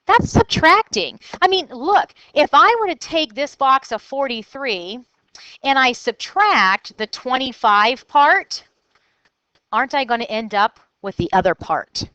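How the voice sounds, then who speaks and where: A woman's voice: sits high, big pitch swings, measured pace, bright, forceful tone, no echo, rough recording. A woman teacher recording a math lesson for children, thinking aloud step by step in an upbeat way.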